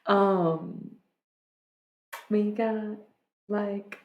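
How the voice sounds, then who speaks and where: A woman's voice: medium pitch, fairly even intonation, very slow, dull audio. A woman livestreamer chatting casually with her viewers, rambling and laid-back, with lots of fillers and restarts.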